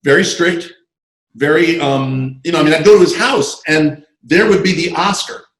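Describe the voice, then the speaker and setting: A man being interviewed about his screenwriting career, telling animated, digressive stories full of asides over a video call. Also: fairly high pitch, normal speed, roomy sound, low-quality recording. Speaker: interview guest, screenwriter and comic artist. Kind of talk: casual anecdotal storytelling.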